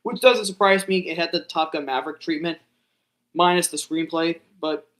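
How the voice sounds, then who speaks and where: A man's voice: on the high side, moderate pace, fairly bright tone. A young man chatting casually to himself and viewers as he reacts live, rambling and saying bro and dude. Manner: rambling, self-talking, says bro and dude. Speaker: vlogger reacting to an awards show.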